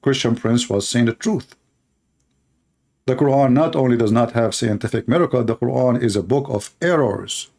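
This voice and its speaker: A man's voice: mid-range voice, moderate pace, vocal fry, a little mellow. A man hosting a channel, giving mocking, emphatic commentary over clips. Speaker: channel host.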